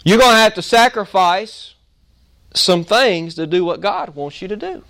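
Animated preacher man, high clear voice. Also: unhurried. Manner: animated, folksy, acts out the story. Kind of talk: storytelling sermon.

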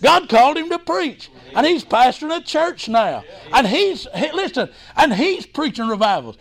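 A missionary preaches a revival sermon in a very high, sing-song voice with vocal fry, at a moderate pace. He's fervent, calling out glory and hallelujah, and breaks in with "hey, listen" and sudden shouts.

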